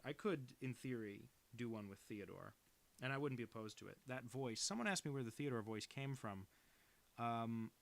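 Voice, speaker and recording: A young adult man, a cartoonist, rambles casually on a stream while drawing, often poking fun at himself. His voice is lowish and gravelly, with a slightly bright quality.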